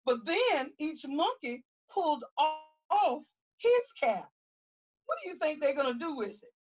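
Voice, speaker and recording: A woman reading a picture book aloud to young children outdoors, animated and stopping to ask them questions. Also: high-pitched, measured pace, low-quality recording.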